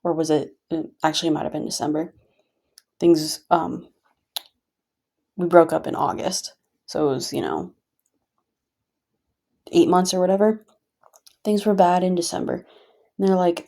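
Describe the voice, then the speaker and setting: A woman's voice: lowish voice, unhurried, long pauses, dark tone. A woman vlogger venting casually to her viewers, frustrated and rambling with many fillers.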